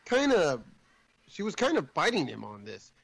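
A man's voice: fairly high pitch, huge pitch swings, moderate pace, vocal fry, slightly rough, rough recording. A man casually recapping a movie plot in a rambling way, swearing now and then and jumping in and out of the characters' voices.

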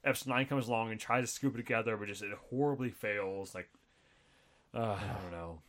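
A man in casual chat about films, easygoing and explaining his take in quick bursts. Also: lowish voice, a bit bright.

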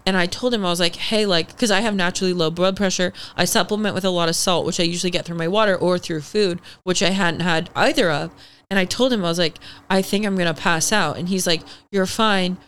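Young woman guest on a podcast, smooth clear voice, animated storyteller, swears a lot. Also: on the low side, fast talker. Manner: acts out the people in her story. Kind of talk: casual interview chat.

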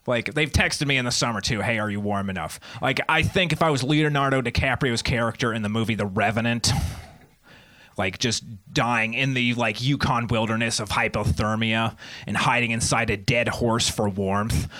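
A man's voice: mid-range voice, fairly even intonation, moderate pace, sharp tone. A man in his twenties doing a stand-up set, with a wry, meandering, self-deprecating delivery. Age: 20s. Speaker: stand-up comedian.

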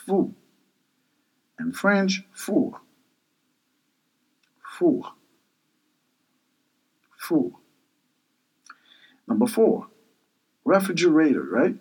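Slow-talking, husky man teaching words. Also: a little high, wildly swooping pitch, poor audio. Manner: patient, repeats words slowly for learners; self-correcting and spelling words out. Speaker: language teacher. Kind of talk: vocabulary lesson, repeating each word.

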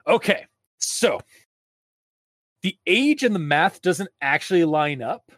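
A man co-hosting a casual chat, animated and laughing, with exaggerated reactions. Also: a little high, takes it slowly, dry recording. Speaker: podcast co-host discussing a story. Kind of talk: casual chat with story readings.

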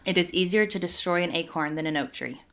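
A woman's voice: lowish voice, fast talker, fairly bright tone. A woman in her thirties from Texas with a Texan accent, talking earnestly and emotionally as a guest in a casual interview. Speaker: guest writer.

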